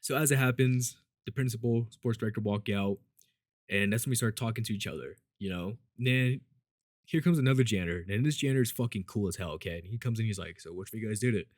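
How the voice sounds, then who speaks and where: A man's voice: fast, dry recording, clean studio sound. A man telling a story in casual, rambling speech, swearing often and filling gaps with "like" and "you know". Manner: acts out quoted people with shifts in pitch and loudness.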